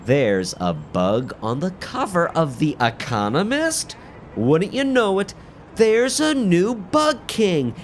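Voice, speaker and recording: A man's voice: medium pitch, a little hiss or hum. A man telling an absurd comic story with a wildly swooping, exaggerated delivery.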